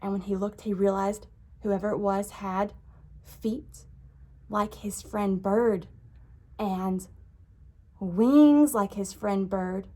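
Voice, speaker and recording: Expressive woman reading aloud to kids. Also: medium pitch, takes it slowly, pauses often. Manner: expressive, with frequent gasps. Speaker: children's librarian. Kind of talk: storytime read-aloud.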